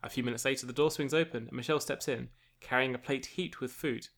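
A man's voice: mid-range voice, fairly even intonation, quick pace, a bit bright. A man narrating a choose-your-own-adventure book to friends as game master. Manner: reads steadily, aside comments with laughter. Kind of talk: casual narration of a gamebook with friends.

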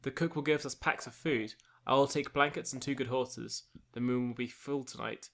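A man's voice: medium pitch, fairly even intonation, normal speed, creaky, fairly bright tone. A man voicing a kind young orphan girl in a plain, unaccented reading. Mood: earnest. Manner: reads the lines plainly, no accent.

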